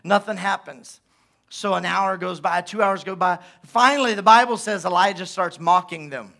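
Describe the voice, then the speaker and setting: A male pastor delivers a sermon in a high-pitched voice. His tone is bright and ringing, and he tells the story with lively asides, acting out the characters' lines as he goes. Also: moderate pace, vocal fry.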